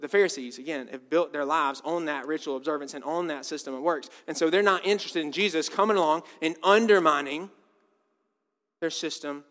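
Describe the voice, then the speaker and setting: High-voiced pastor preaching in a reverberant hall. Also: male voice, fairly bright tone. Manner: casual and conversational, repeats words. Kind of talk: sermon. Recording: long reverb of a church hall.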